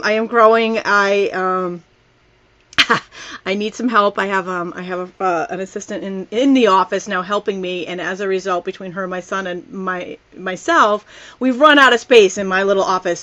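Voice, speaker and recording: A middle-aged woman chats casually on a live stream from her family room, upbeat and rambling with plenty of fillers and easy laughs. Her voice sits a little high. The sound is dull and lo-fi. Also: a bit bright. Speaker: card-making instructor.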